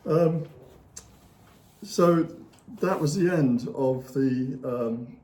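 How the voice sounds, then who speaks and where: A male author, speaking extremely slowly in a mellow mid-range voice, is an interview guest retelling history in casual, rambling, anecdotal fashion, full of fillers and small chuckles. The room is echoey.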